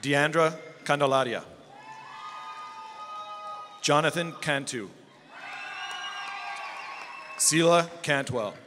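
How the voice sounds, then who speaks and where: A man calling out graduates' names at a graduation ceremony in a slow, steady way. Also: a little high. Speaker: name reader at a graduation. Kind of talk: reading out names. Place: large hall at a school graduation. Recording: echoey hall with crowd noise.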